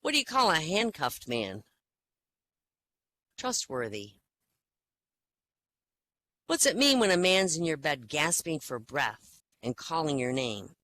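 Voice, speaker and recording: Animated woman telling jokes. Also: low voice. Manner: animated, acts out characters in jokes. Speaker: joke teller leading the session.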